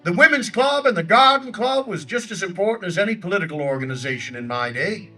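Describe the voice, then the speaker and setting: A man's voice: expressive, quick pace, pushed and bright, far from the mic, faint music behind, full character voice, poor audio. A man playing an older Theodore Roosevelt, giving a declamatory outdoor stump speech in character in a park by a lake. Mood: rousing. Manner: booming, declamatory oratory. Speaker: historical reenactor.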